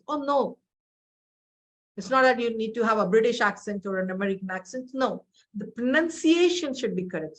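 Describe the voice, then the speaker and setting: A middle-aged woman with an Indian accent, teaching an English exam webinar in a direct, instructive way and often asking rhetorical questions. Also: medium pitch. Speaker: IELTS trainer.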